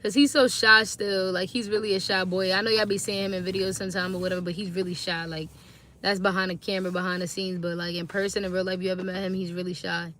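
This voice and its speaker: A woman's voice: on the low side, level tone, quick pace, a bit bright, a little hiss or hum. A tired woman talking casually to viewers on a phone live stream, chatty and slangy, greeting them again and again. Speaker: livestreaming mom.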